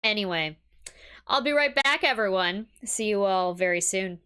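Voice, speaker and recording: Bright-voiced, giggly woman streamer, casual chat. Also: medium pitch, animated, normal speed, clear, resonant tone. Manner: chatty, giggly, rambling.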